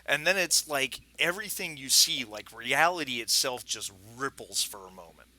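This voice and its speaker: A man runs a tabletop game as game master, describing scenes in a loose, chatty way full of fillers and restarts. His voice is very bright at a middle pitch. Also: lively intonation, normal speed, no room sound. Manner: chatty, frequent fillers and restarts, laughs often.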